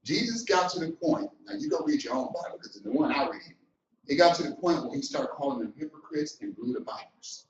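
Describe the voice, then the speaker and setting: Animated man coaching, high voice, roomy. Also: a little fast. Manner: animated, preacher-like, swings loud and soft. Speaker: business coach. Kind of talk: motivational talk. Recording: roomy, distant, dull sound.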